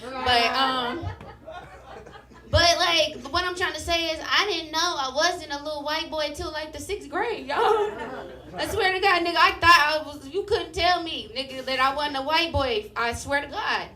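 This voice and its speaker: A young woman performing a stand-up set, telling a story with animated, profane delivery and acted-out voices. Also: high voice, moderate pace, reverberant, far from the mic. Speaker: stand-up comedian. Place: comedy club stage with live audience.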